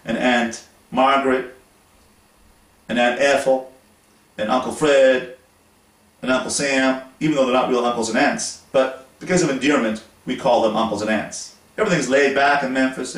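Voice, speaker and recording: A man from Montreal, Canada, hosting an instructional talk to camera in a slow, deliberate, explanatory way. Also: mid-range voice, fairly even intonation, fairly bright tone. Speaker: host. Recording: roomy echo, voice from a distance.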